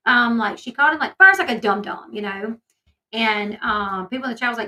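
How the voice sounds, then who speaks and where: This woman speaks in a bright, crisp voice that sits a little higher than most. She talks casually to her viewers, stringing her thoughts together with lots of fillers. She sounds like someone venting during a gossip commentary vlog. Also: brisk, rough recording. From Southern United States. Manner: chatty, filler-heavy, indignant storytelling. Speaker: commentary YouTuber.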